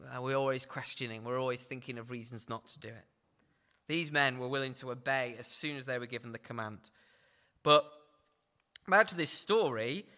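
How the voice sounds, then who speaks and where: A man's voice: mid-range voice, bright, forceful tone. A man preaching a sermon in a conversational way, often adding tag questions.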